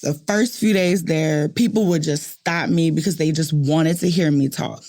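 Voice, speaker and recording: A woman from New Orleans hosting a podcast, telling stories in animated casual chat and repeating phrases for emphasis. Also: low voice, moderate pace. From New Orleans, USA. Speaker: podcast host.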